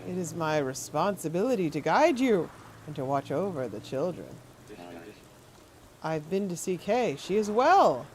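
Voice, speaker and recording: An unsettling old man creeping through his lines in a slow, syrupy voice, as a woman reads him from a game. His pitch sits on the low side, and his menace stays quiet and patient. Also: sing-song. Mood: menacing. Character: creepy older man, unsettling self-appointed guardian. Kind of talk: reading game dialogue aloud.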